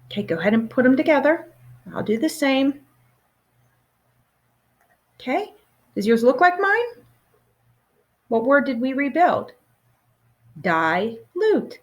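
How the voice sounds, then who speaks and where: A woman teacher talks young pupils through a phonics lesson with patient, encouraging prompts. Her fairly high voice swoops up and down as she speaks, and she takes her time, leaving pauses for the children to answer.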